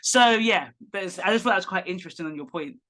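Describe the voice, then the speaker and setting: A woman psychotherapist of Nigerian heritage, a podcast guest, talking in a lively, expressive way and explaining with examples. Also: lowish voice, rapid-fire. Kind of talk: podcast interview.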